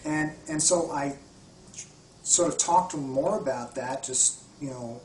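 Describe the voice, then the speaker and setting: A spiritual healer and retreat guide, interviewed in an echoey room well away from the mic, tells heartfelt stories earnestly and keeps restarting his sentences. His voice is a little high, a little slow, and a little mellow, with slight hiss or hum.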